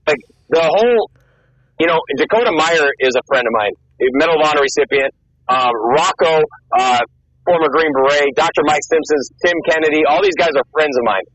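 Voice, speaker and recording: A man in his thirties tells his stories in a rush, swearing freely and acting out every quoted line. His voice sits a touch high for a man. The audio comes through dull and lo-fi, like a call. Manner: fast, profane, excited storytelling with acted-out quotes. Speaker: guest, former Marine and MMA fighter. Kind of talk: casual interview storytelling.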